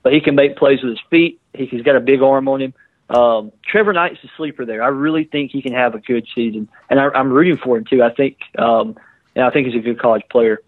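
Casting: relaxed male guest on a tinny phone line, dry, mid pitch. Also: fairly quick, no room sound. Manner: relaxed, many restarts. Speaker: guest football writer. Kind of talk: casual sports analysis.

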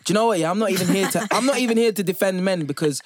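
A man's voice: sits high, rapid-fire. A young man chatting casually on a panel, joking and acting out quotes in slangy banter. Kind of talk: casual chat.

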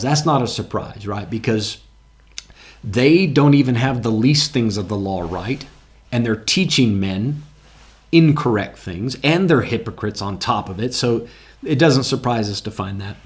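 A man's voice: mid-range voice, expressive, measured pace. A man preaching a sermon in a church, talking earnestly and conversationally, often repeating words as he goes and reading scripture aloud with emphasis. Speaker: pastor. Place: church sanctuary with congregation.

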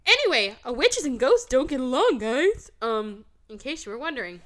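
A woman hosts a casual movie-review podcast, running through the plot with swearing and quick mock voices. Her voice sits a little high and rings very bright and forceful. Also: very animated. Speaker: podcast host.

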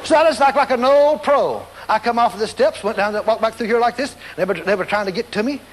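A man's voice: very high-pitched, fast, big-room sound, slight background noise. A man preaching a storytelling sermon, acting out scenes and voices and laughing along as he goes.

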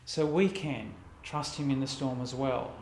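Pastor preaching in an echoey room. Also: male voice, medium pitch, steady tone, gravelly, a little mellow, a little hiss or hum. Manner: reflective, conversational preaching with pauses. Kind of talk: sermon.

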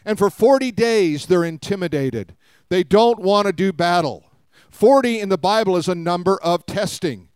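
A man's voice: sits high, animated, moderate pace, darkish tone, clean tone, dry recording, clean studio sound. A man preaching a sermon, retelling a story with acted-out quotes and calls for the congregation to respond.

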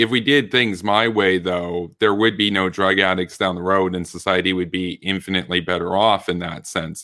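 A man arguing his side in a political debate, earnest and halting, often restarting his sentences. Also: deep voice, pushed and bright, dry recording, studio quality. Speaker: debate guest.

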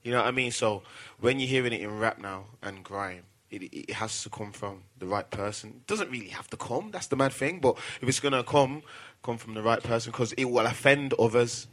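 A man's voice: mid-range voice, a little fast, few pauses, fairly bright tone. A man from England in a casual group discussion, easygoing and repeating his phrases. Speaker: panel guest.

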